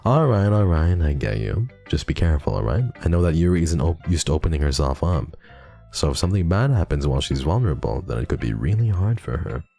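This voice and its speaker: A man's voice: rumbling low, very animated, a little fast, creaky, mellow, faint music behind, heavily acted. A man reading the lines of a teasing, confident schoolgirl club president in a game.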